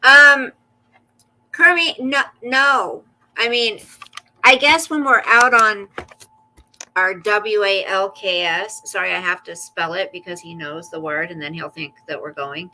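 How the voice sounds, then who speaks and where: Bright-voiced woman chatting on a livestream. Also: mid-range voice, a little slow, a little hiss or hum, poor audio. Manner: chatty, talks to her dog in baby talk; reads and answers viewer comments aloud. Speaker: livestream host. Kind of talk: casual livestream chat.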